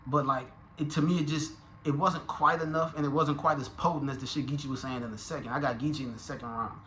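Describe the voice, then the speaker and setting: A man giving a casual, profane, animated review of a rap battle, talking in slang and restarting his sentences often. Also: on the high side, fast talker, slight background noise. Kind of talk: casual commentary.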